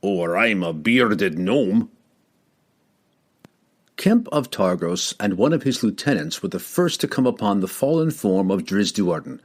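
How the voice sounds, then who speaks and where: A man narrating a fantasy audiobook in a dramatic, expressive storytelling manner. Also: on the low side, moderate pace, hardly any pauses, husky.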